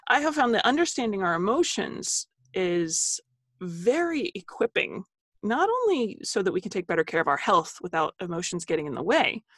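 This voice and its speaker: A woman's voice: medium pitch, sing-song, moderate pace, a bit bright, dry recording, studio quality. A woman author being interviewed on a podcast, explaining ideas earnestly and laughing easily. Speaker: author and guest.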